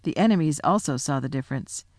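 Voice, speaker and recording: A woman's voice: low voice, fast, no room sound, clean studio sound. Woman reading a storybook aloud. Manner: expressive, dramatic narration. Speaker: audiobook narrator.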